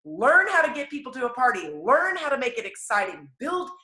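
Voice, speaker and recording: Woman, upbeat sales trainer, bright forceful voice, slightly high, echoey room. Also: a little fast. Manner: energetic, enthusiastic, animated storytelling. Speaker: network marketing trainer. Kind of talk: motivational training talk.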